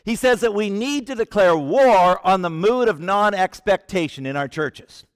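A man preaching a sermon with passion, swinging from hushed lines to shouting. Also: sits high, expressive, normal speed, smooth, no echo, studio quality.

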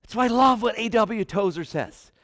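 A man preaching a sermon with passion, swinging from hushed lines to shouting. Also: sits high, lively intonation, normal speed, no room sound, studio quality.

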